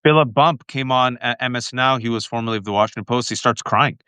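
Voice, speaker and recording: A man hosting a political talk show, speaking with passion in quick bursts and calling his viewers folks. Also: mid-range voice, sharp tone, clear, resonant tone, no room sound. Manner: impassioned, fast bursts, addresses viewers as folks. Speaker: podcast host.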